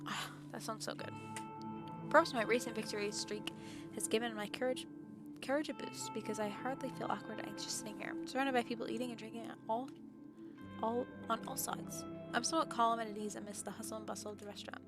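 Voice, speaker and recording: A chatty young woman streams herself reading a visual novel aloud, filling gaps with casual asides and loose filler words. She sounds a little out of breath and trips over words at times. Clear game music plays behind her. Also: on the high side, steady tone, fast. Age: young adult. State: somewhat out of breath.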